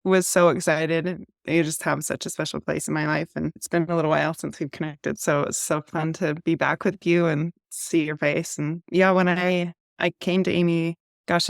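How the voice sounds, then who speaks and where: A woman guest on a podcast, talking warmly in a halting way, often restarting her sentences. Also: sits low, gravelly, no room sound, clean studio sound. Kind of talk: casual interview chat.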